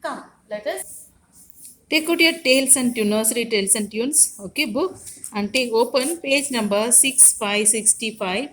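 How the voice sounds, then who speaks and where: A woman with a high voice leads a preschool class. She speaks in a sing-song, coaxing way and repeats each question to the children. Her voice echoes around a classroom over a faint background hiss. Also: measured pace, fairly bright tone. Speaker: preschool teacher. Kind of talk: classroom teaching to young children.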